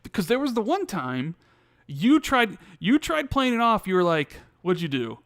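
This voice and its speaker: A man co-hosting a casual gaming podcast, telling stories with lively acted-out dialogue and many restarts. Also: high voice, normal speed, dry recording, clean studio sound. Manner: animated storytelling, acts out quoted dialogue. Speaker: podcast co-host. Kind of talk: casual chat.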